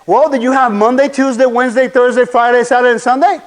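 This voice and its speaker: High-voiced man preaching animatedly. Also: quick pace, rough recording. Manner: animated preaching, rhetorical questions to the audience. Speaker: conference speaker. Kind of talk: sermon. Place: conference hall.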